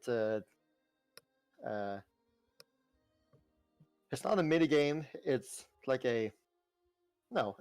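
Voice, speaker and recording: Slow, halting game master man. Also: mid-range voice, darkish tone, dry recording. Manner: halting, many fillers while explaining rules. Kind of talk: narrating a tabletop game.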